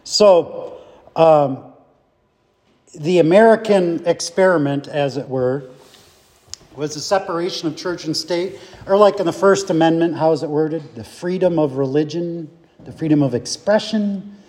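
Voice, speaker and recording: A man's voice: a little high, a little slow, a little mellow, long reverb tail. A man leading an informal Bible study, teaching conversationally and putting questions to his group.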